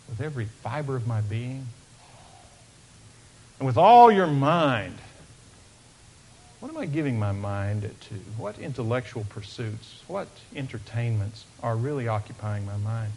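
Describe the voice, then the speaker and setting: A male pastor preaching a sermon, swinging from loud emphatic declarations down to hushed, quiet asides. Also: medium pitch, very animated, takes it slowly, pauses often, a little hiss or hum.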